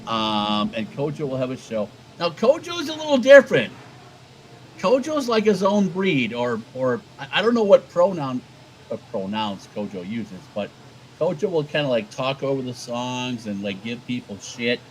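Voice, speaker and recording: A man's voice: medium pitch, sing-song, normal speed, slight background noise, rough recording. A man co-hosting a casual livestream chat, rambling and swearing and stumbling over repeated words. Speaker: co-host.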